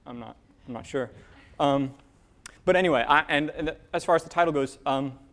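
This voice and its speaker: A man preaching a casual sermon, talking in halting bursts full of fillers and restarts. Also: fairly high pitch, a bit bright. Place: church with a room of divinity students.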